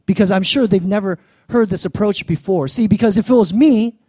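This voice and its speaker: A man with a fairly high voice preaches to his congregation. He is animated, acts out the people in his story and asks for an amen, and his voice sounds close and dry. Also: a little fast, no echo. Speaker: pastor. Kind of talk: sermon.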